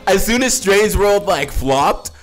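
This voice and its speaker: Excitable, swearing man with a lively voice. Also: high voice, slow pace. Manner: profane, excitable, swinging from loud outbursts to mutters. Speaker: movie reviewer, channel host. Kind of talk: casual video review.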